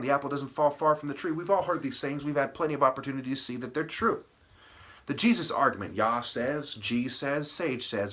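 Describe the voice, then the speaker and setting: A man's voice: medium pitch, sharp tone. A man delivering a preachy solo lecture, emphatic and berating his listeners, full of word-play and tag questions like "okay" and "right". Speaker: channel host.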